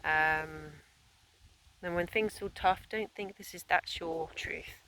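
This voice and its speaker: A woman's voice: low-pitched, takes it slowly, sharp tone, a little hiss or hum. Rambling, encouraging woman. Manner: rambling, encouraging, with many fillers and restarts. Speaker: holistic therapist. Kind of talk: conversational wellness talk.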